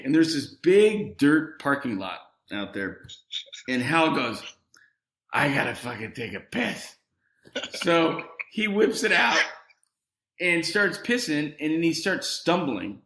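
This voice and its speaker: A man's voice: a little high, roomy sound. A man telling a rowdy story as a podcast guest in casual chat, laughing as he goes. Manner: animated, laughs through his story.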